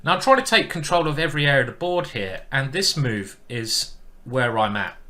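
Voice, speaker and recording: Man, live-stream chess commentary, chatty, thinking aloud, bright voice. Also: medium pitch, lively intonation, fairly quick. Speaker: chess player streaming his games.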